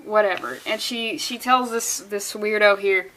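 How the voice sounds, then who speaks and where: A woman's voice: mid-range voice, unhurried, hardly any pauses, pushed and bright. A woman reviewing a comic book in a casual vlog, rambling off on sarcastic tangents and swearing often.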